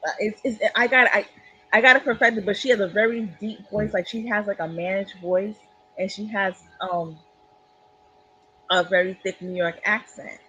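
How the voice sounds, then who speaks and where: A woman's voice: mid-range voice, steady tone, moderate pace, pushed and bright. Woman host, upbeat, with a faint hum behind. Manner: laughs often, upbeat. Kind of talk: casual interview chat. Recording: dull lo-fi recording with faint hum.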